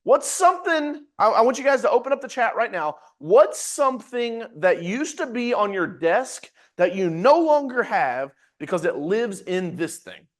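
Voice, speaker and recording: Brief: male sales coach running a webinar, high and very animated voice, punchy and slangy. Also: moderate pace, few pauses. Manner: energetic, emphatic, slangy, addresses audience directly. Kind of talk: live webinar teaching.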